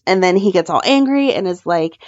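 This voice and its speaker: A woman's voice: on the low side, a little fast, no echo, dull audio. A woman co-hosting a podcast, recapping a soap opera in casual chat and acting out the characters' lines as she retells scenes. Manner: animated, acts out characters' lines when retelling. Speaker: podcast co-host.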